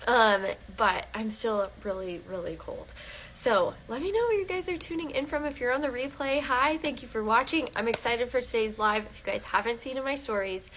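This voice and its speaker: A woman's voice: a little high, fairly bright tone, a little hiss or hum. Chatty young woman on a home livestream. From northern Colorado. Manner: chatty, lots of "like" and "um", apologetic asides. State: out of breath. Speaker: livestream host. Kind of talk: casual livestream chat. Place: home, indoors.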